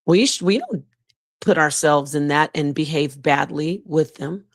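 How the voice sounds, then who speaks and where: A woman with a somewhat low voice hosts a casual livestream. She talks in an emphatic, scolding way. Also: measured pace, dry recording. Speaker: livestream host.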